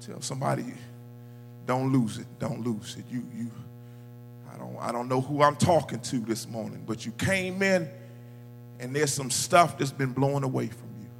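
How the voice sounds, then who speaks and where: A male preacher delivering a sermon, telling a story quietly, then rising into shouted, sung calls. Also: mid-range voice, normal speed, gravelly, long reverb tail, soft background music. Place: church sanctuary.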